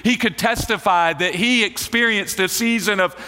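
A male pastor preaches a sermon in a bright, forceful voice pitched a little high. He leans into key words and slows his phrasing for drama. His voice rings out with the long reverb of a large hall. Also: clean tone. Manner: preaching with rising emphasis and slowed dramatic phrasing.

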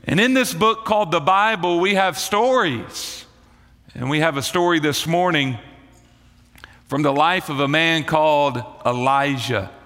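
A man preaching a morning sermon to believers, with rising emphasis and slowed dramatic phrasing. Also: fairly high pitch, fairly bright tone, in a large hall. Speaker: pastor.

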